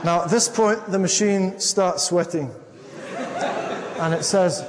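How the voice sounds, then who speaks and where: A man's voice: high voice, slow pace, long pauses. A man giving a public lecture in a wry storytelling manner, repeating himself to stress points. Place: lecture hall. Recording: long reverb of a lecture hall.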